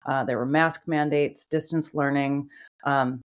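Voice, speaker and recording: A middle-aged podcast host with a very deep voice chats casually at a measured pace, telling a funny story from home with animated laughter.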